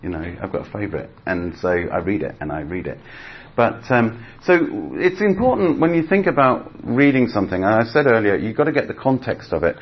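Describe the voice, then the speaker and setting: Slightly dull audio with faint background noise captures a man preaching a sermon. His voice is on the low side, sing-song and fairly quick, and he keeps things chatty and conversational, performing voices as he retells stories.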